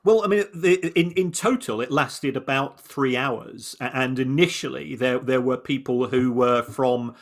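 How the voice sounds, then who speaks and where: A man co-hosting a podcast, explaining points in a measured way with frequent restarts and repeated words. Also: mid-range voice. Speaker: podcast co-host. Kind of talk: conversational analysis.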